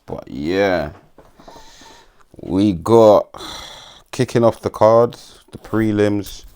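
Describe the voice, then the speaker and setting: A man's voice: lowish voice, drawn-out words, a little mellow, clear, resonant tone. A man giving casual commentary as a vlogger, rambling, swearing freely and stumbling over names.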